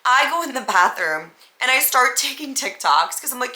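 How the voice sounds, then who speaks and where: A woman podcast host telling a personal story in a casual, animated way, full of "like" and "um". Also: high-pitched, normal speed. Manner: animated, frequent "like" and "um" fillers. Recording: echoey room.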